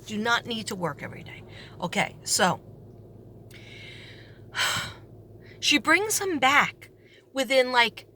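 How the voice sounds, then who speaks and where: A woman with a New York accent tells a long, sarcastic story from her day as a substitute teacher. Her voice sits fairly high and sounds bright and sharp. She animates every quoted line. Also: very animated, slow pace, pauses often. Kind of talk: storytelling vlog.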